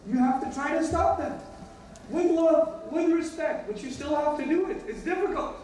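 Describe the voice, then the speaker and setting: Echoey, high-voiced man preaching a sermon. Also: moderate pace, a little mellow, a little hiss or hum. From United States. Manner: emphatic, repeats key phrases, acts out quoted dialogue. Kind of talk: Friday sermon. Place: mosque prayer hall. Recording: echoey hall, mic from a distance.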